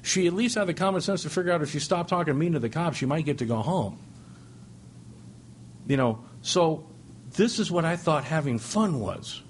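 Animated man telling funny stories at a meeting. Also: normal speed, slight background noise. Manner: animated, joking, with sudden high-pitched exclamations. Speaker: speaker at a recovery meeting. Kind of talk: humorous storytelling share. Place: speaking before a meeting audience.

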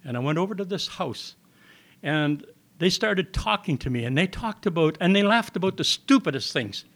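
A man's voice: fairly high pitch, expressive, normal speed, fairly bright tone. An older man telling a personal testimony to an audience in a meeting hall, with plain folksy storytelling and acted-out dialogue. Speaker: recovery meeting speaker.

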